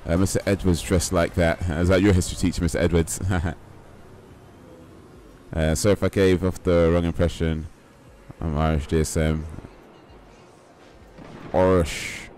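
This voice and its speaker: A man's voice: sits low, flat delivery, a little slow, long pauses, a little mellow, slight background noise. A young man chatting casually while streaming a game, in a rambling, laid-back, slangy way. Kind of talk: casual live-stream chat while gaming.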